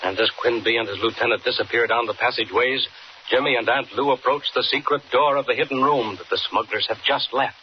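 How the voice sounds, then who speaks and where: A man announcing in a measured, formal style for a 1940s radio drama. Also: medium pitch, steady tone. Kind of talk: scripted narration. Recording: dull old radio recording with hiss.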